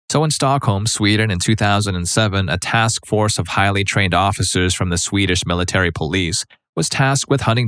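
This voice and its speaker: Low-voiced male story narrator. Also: a bit bright, no echo. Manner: conversational, wry storytelling. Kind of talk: narrated online stories, first-person.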